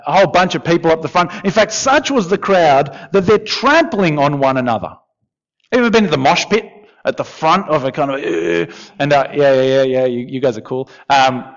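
A man preaching a sermon in a conversational, animated way, with asides to the congregation. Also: a little high. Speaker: pastor. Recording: dull, lo-fi sound.

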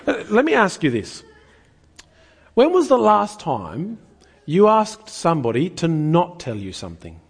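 A man's voice: a little high, wildly swooping pitch, a little slow, husky. A man preaching a sermon in an earnest, conversational way, often asking the listeners rhetorical questions.

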